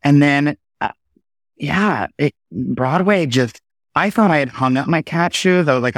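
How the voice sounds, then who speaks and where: A man in his thirties, a Broadway performer, talking as a guest in a casual interview and telling animated stories with quick asides. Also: on the high side, no echo, studio quality.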